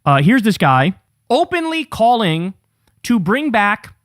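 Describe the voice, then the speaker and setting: A high-voiced man rants through political commentary, sarcastic, incredulous and profane. The sound is dry and close, with no room around it. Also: very animated, slow, a bit bright, no room sound.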